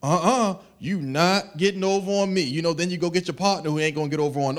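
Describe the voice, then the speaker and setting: A man preaching a sermon in an animated, conversational way, acting out little asides. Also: fairly high pitch, fast. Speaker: pastor.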